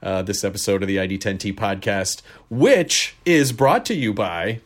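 Chatty podcast host, loose and jokey. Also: male voice, lowish voice, animated, normal speed. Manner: chatty and jokey, frequent filler words, loose self-deprecating asides. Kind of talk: casual podcast monologue with listener mail and ad read.

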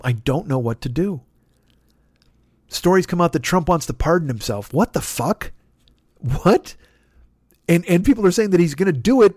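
A man rants in a comedic podcast monologue, exasperated and swearing, tripping over his own restarts. His voice sits a little high for a man. The sound is dry and close, with no room around it. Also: no echo. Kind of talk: profane comedic rant.

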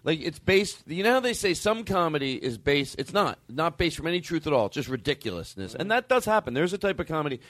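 A man hosting a comedy podcast, talking in an excitable, rambling way with frequent laughter. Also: on the high side, a little fast, few pauses, dry recording. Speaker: podcast host.

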